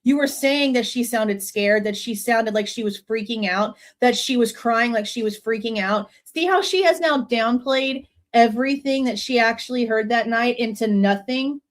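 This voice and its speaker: A woman's voice: fairly high pitch, normal speed, hardly any pauses. A woman hosting a true crime reaction show, commenting on an interview transcript in a pointed, skeptical manner.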